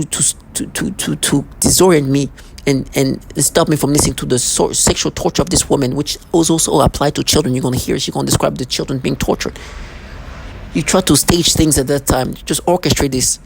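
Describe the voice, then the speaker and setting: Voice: mid-range voice, vocal fry, husky, poor audio. Heated, stammering ranting vlogger. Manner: heated, threatening, repeats and restarts words. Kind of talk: angry ranting monologue.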